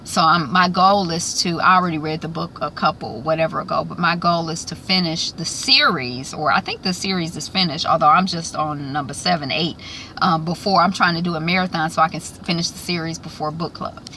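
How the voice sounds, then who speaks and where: Bright-voiced woman recapping a show. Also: sits low, a little fast, a little hiss or hum. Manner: rambling, many ums and restarts, bursts of excitement. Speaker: YouTube TV recap host. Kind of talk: casual recap vlog.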